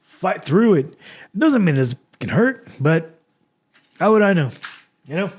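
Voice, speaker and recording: A man's voice: high-pitched, very animated, a little slow, slight background noise. A man hosting his own podcast, talking rawly and heartfeltly after crying, with sighs and pep-talk encouragement. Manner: raw, heartfelt, motivational, with sighs. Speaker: podcast host. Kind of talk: emotional solo podcast talk.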